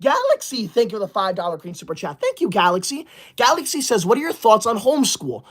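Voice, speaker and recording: A man's voice: sits high, huge pitch swings, fast, fairly bright tone. An indignant, bossy man hosts a comedic livestream. He reads viewer messages aloud with prim approval and abruptly barks bans at anyone rude. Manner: prim praise for good students. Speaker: livestreamer reading super chats.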